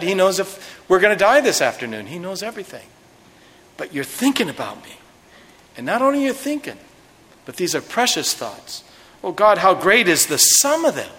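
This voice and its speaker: A man preaches to a congregation in a church sanctuary, moving from excited, climbing passages to low, hushed asides. His voice sits a little high for a man. A long hall reverb trails every phrase. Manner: animated preaching with dramatic drops to a hush. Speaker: pastor. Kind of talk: sermon.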